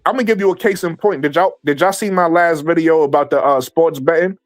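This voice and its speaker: A man hosting a casual livestream, his voice sitting a little high for a man. He talks animatedly, doubles back on his words and swears freely. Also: fairly quick. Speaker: livestream host.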